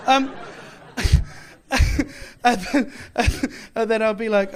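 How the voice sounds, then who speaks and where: Speaking slowly in a high register, a British comic works a live club crowd with a stand-up set built on mock-boastful swagger and self-deprecating jokes. Laughter from the audience fills the recording.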